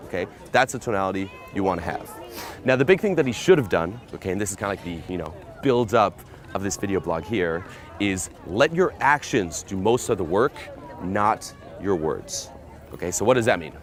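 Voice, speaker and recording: A man from America explains dating tactics in a casual street vlog. His voice sits on the low side, and he is blunt and full of swearing. He keeps tagging his points with "okay?". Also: expressive, fast, some chatter behind. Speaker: dating coach.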